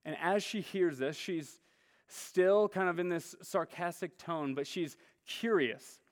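A man's voice: sits high, slow. A man preaching a sermon in a casual, conversational way, often saying "like". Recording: long hall reverb.

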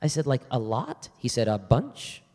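A man's voice: medium pitch, moderate pace. A male pastor speaks to a live audience in a church hall, his voice sitting in the middle range. He tells stories with energy and acts out both sides of a conversation. The long reverb of the hall hangs behind every line. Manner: animated storyteller, acts out both sides of a dialogue. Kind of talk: church talk with storytelling.

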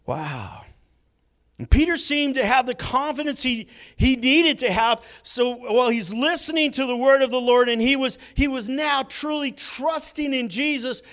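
A man preaching a sermon, swinging between hushed moments and loud bursts. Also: very high-pitched, moderate pace. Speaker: pastor.

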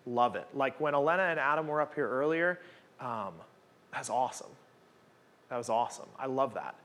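This guest preacher, a man in his forties, speaks in a mid-range, slightly bright voice at a moderate pace. His sermon at a church gathering is casual and conversational, packed with rhetorical questions and tag "right?"s.

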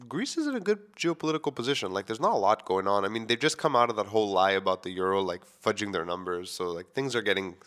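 Casual rambling man, lowish voice. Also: fairly bright tone. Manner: casual, rambling, many "like" fillers. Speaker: podcast host. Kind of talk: personal storytelling.

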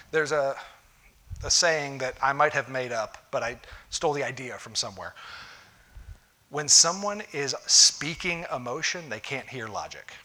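A pastor delivers a relaxed, conversational sermon with a bright, forward voice. He talks in a folksy way, straight to his listeners, and slips into quoted voices to act out what people say. His pitch sits in the middle for a man.

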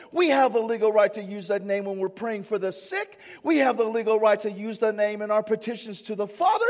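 A male pastor preaching a sermon with fervor, often shouting for emphasis, with a husky voice. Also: extremely high pitch.

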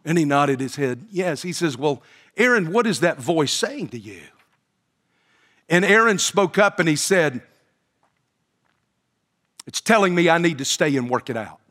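A male pastor delivers a sermon in a slightly higher-than-average voice. He tells his story with frequent pauses and "uh"s, then builds to emphatic, rising quoted lines. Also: sing-song, pushed and bright.

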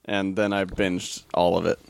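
A man with a fairly low voice talks loosely as host of a casual chat, circling back on his words and cursing freely. The sound is dry and close, with no room around it. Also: level tone, moderate pace, gravelly, a little mellow, clean tone, no echo. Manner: swears freely, rambling with restarts.

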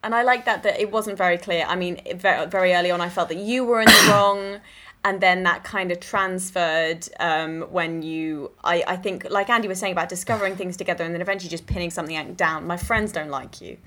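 A woman's voice: lowish voice, fairly quick. A woman from South East London with a London accent, an improviser chatting casually and acting out quoted lines in a raised voice. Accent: London English. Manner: animated, acts out quotes in raised voice. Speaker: improviser guest. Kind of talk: casual podcast chat.

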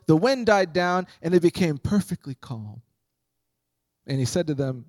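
A man's voice: sits high, moderate pace, darkish tone, dry recording. A man preaching a sermon as pastor, conversational and humorous, acting out Bible scenes.

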